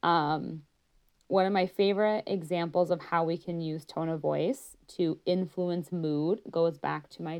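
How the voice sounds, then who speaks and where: A woman's voice: lowish voice, darkish tone. A woman working as a pediatric therapist gives a conversational educational talk, showing her points by acting out tones of voice.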